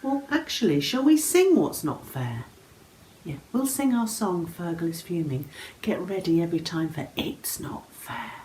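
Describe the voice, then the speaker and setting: A woman presenting a story and song for young children, playful and animated, often dropping to a whisper. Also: on the low side, unhurried, slight background noise, poor audio. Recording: faint instrumental music behind.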